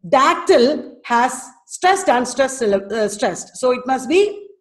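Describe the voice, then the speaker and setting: Woman lecturer, higher voice, slow and sing-song, on a video call in an echoey room. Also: expressive. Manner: slow, emphatic, sounding out stress patterns. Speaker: teacher. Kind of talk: webinar lecture. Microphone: computer mic on a video call.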